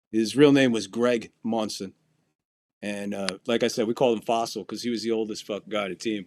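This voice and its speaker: This podcast host has a medium-pitched voice on a dry recording. His casual storytelling chat is profane and lively, with quotes acted out.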